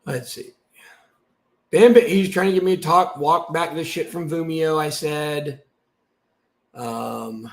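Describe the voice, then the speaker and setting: A man hosting his channel, giving ranting commentary while reading through documents, swearing and swinging from muttering to shouting. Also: on the high side, slow pace, vocal fry, long pauses. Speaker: channel host.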